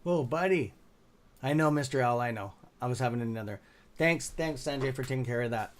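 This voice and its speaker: A man's voice: mid-range voice, fast talker, slight background noise. A man hosting a trading livestream, chatting casually with his chat, muttering and swearing at his computer as he tries to fix things. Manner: mutters and swears at the computer, then cheers on viewers. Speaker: livestream host.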